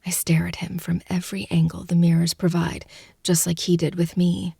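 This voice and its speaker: A woman narrating a first-person audiobook close to the mic, in a hushed, breathy, intimate delivery that often drops to a whisper. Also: fairly low pitch, monotone, normal speed, no echo.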